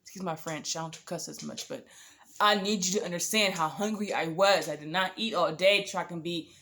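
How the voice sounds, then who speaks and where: A woman's voice: fairly low pitch, brisk, fairly bright tone. A woman telling a story to camera, casual and candid, swearing freely as she quotes herself and others. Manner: candid, blunt and profane, quoting others in asides; exasperated, rambling storytelling. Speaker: storytime vlogger.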